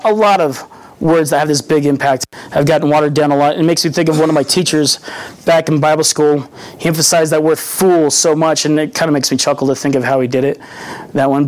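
Speaking in a slightly high voice, a young man preaches earnestly and conversationally, favoring teaching over proclamation. Along the way he acts out short quotes.

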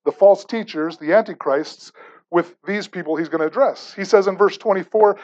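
Male pastor, high-pitched, preaches with repeated rhetorical questions and stammered restarts; dull lo-fi sound. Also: brisk. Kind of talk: sermon.

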